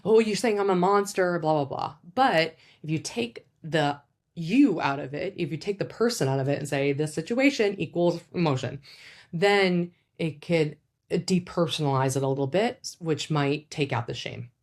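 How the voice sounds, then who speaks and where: Woman, low voice, psychologist, casual explainer, chatty, lots of fillers. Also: lively intonation, normal speed, a little mellow. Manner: chatty, full of fillers and asides; acts out quoted speech with big pitch jumps. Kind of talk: casual educational talk.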